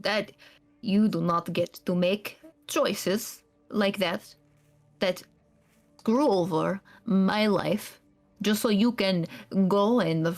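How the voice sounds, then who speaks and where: A woman's voice: on the low side, creaky. A woman voicing a resentful young woman trainee who speaks in a clipped, formal, accusing way.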